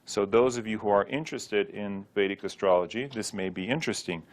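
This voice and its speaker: A man's voice: on the low side, fairly quick. A man teaching a recorded Sanskrit lesson, patiently drilling sounds aloud with light joking asides.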